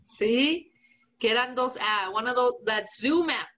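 A woman's voice: fairly high pitch, a little slow, fairly bright tone, poor audio. A woman co-hosting a podcast, telling a story in casual chat, swearing and laughing often. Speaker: podcast co-host.

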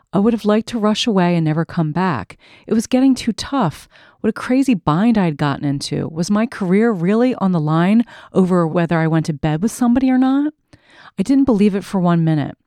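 A woman hosting a podcast, reading a memoir aloud with expressive, dramatic delivery. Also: on the low side, no echo, studio quality. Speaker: podcast host.

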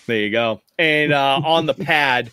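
A man narrating as game master of a tabletop game, relaxed and rambling with frequent laughs. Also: mid-range voice, a little slow, smooth, dry recording, clean studio sound.

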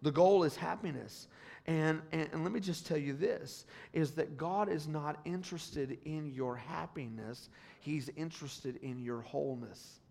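A man preaches as pastor, calling out to his congregation and swinging from hushed asides to loud, rising appeals. His voice is on the high side with vocal fry, and he takes his time.

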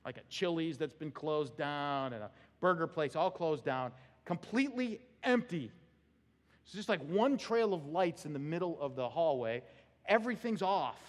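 A male pastor preaching a sermon, telling an animated personal story and laughing along with it. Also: on the high side. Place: church sanctuary. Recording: long hall reverb.

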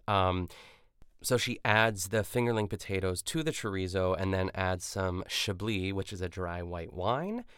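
Very deep, smooth-voiced rambling podcast host. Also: male voice, no echo, studio quality. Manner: rambling, full of "like" and self-corrections. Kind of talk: casual podcast recap of a cooking show.

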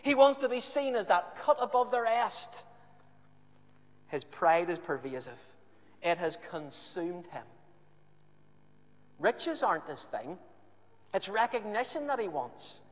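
A man preaching a sermon, retelling a scripture story with animated, emphatic repetition. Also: high-pitched, takes it slowly, pauses often. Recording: echoey hall.

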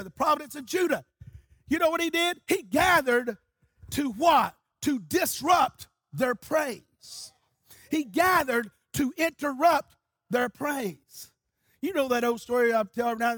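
A male pastor preaches, weaving stories into his sermon and building toward shouted exhortations. His voice sits unusually high for a man and has a husky grain. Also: dry recording. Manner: storytelling, rising to shouting.

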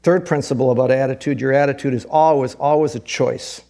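Gravelly-voiced male pastor preaching. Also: medium pitch, steady tone, fairly quick, dark tone. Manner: earnest, conversational preaching with repetitions. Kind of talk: sermon.

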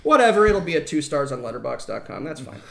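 A man's voice: fairly high pitch, big pitch swings, fast talker, gravelly, echoey room, crowd noise. A man hosting a podcast, joking around and laughing often in casual chat. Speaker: podcast host.

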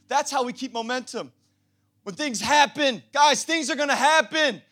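A young adult pastor delivering an impassioned sermon, often rising to shouting. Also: male voice, extremely high pitch, moderate pace.

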